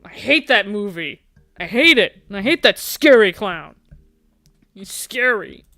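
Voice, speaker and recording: A streamer reading a dating game aloud during a live playthrough, animated and jokey, laughing often. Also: medium pitch, measured pace, a little hiss or hum.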